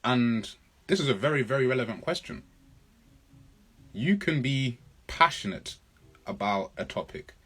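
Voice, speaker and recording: A man's voice: mid-range voice, lively intonation, a little slow, long pauses, a bit bright, slightly rough. A man coaching public speaking in a live question-and-answer lesson, talking emphatically, repeating his points and answering viewers' comments.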